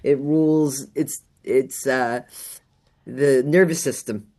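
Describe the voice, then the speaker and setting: A woman guest astrologer chatting on a radio show, meandering and quick to laugh. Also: extremely low pitch, warm tone. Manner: slow, meandering, laughs easily. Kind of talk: casual radio chat. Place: radio studio.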